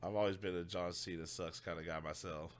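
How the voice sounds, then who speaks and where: A man's voice: low voice, steady tone, a little fast. A Texan man co-hosting a podcast, chatting casually in a laid-back, dry way. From Texas. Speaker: podcast co-host. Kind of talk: casual chat. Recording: faint background noise.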